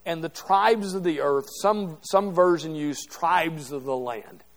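A man's voice: a little high, a little slow. A middle-aged man teaching a Bible class to a group, talking conversationally and checking in with "okay?" as he goes. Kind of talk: interactive Bible class lecture. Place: classroom or church hall with a group.

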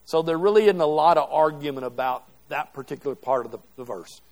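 This middle-aged Bible teacher speaks a little fast in a fairly high, slightly mellow voice. Addressing a group in a classroom or church hall, he keeps the lesson conversational and interactive, asking "okay?" as he moves along.

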